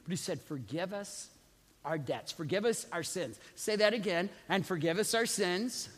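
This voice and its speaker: High bright-voiced pastor man preaching, quiet asides then shouting, echo of a big hall. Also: moderate pace. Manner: preaching with call-and-response to the congregation. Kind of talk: sermon. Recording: long reverb of a large hall.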